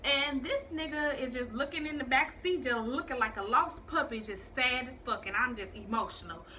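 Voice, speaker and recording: A young woman telling a story on her vlog in a casual, profane, animated way, acting out the people she quotes. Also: high-pitched, moderate pace, slight background noise.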